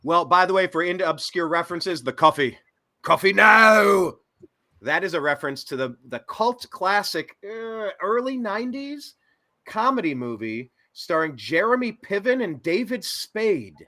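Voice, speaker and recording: A man hosting a casual podcast chat, joking and animated. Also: sits high, moderate pace. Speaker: host.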